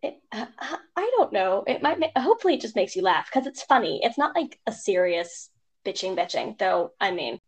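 A young woman co-hosting a casual podcast, telling stories in an animated way and mimicking strangers' voices. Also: medium pitch, fairly quick, slightly rough. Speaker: podcast co-host. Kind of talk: casual chat.

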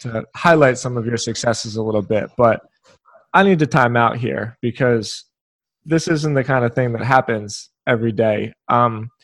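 A man's voice: medium pitch, moderate pace, a bit bright, no echo. A man hosting an interview, talking conversationally and reacting to his guest. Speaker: interview host. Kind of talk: interview talk.

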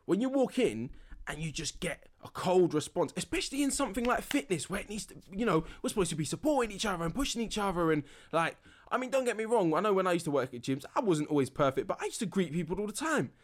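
Chatty young man, slightly high. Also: sing-song. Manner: rambling, filler-heavy, quick to laugh. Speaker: podcast host. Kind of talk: relaxed solo podcast chat.

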